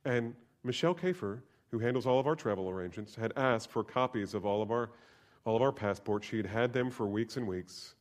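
A man's voice: mid-range voice, fairly quick. Storytelling male pastor preaching a sermon. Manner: storytelling, swings from soft asides to loud emphatic preaching.

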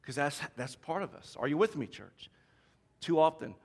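A middle-aged male pastor from the American South preaching a sermon, repeating key lines and swinging from hushed to shouting. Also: a little high, sing-song, moderate pace.

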